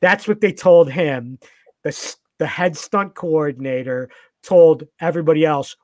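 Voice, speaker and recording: A man's voice: on the high side, measured pace, dry recording. Eager, rambling man on a podcast. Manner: enthusiastic, rambling with many fillers and restarts. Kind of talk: casual podcast chat.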